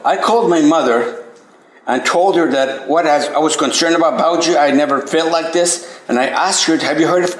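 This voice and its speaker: A man with a slightly raised voice recounts a personal memory to a gathered group, stumbling and restarting as he goes. When something amazes him, his voice climbs high. The room around him rings with echo. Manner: hesitant, full of restarts, grows animated and high when amazed. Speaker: devotee sharing memories. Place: meeting room at a spiritual center. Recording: echoey room recording.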